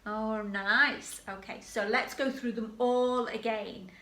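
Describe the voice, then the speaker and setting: A woman leading a drama workshop, introducing pantomime characters and their call-and-response phrases in a clear, playful way. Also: on the high side, steady tone, slow pace, bright, forceful tone. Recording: echoey room.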